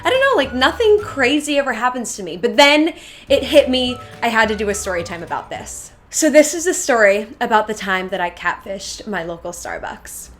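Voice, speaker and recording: Speaking from her bedroom, a young adult YouTuber tells her channel a casual storytime, chatty and filling her speech with "like." Her fairly high, bright voice swings widely in pitch at a moderate pace over soft background music.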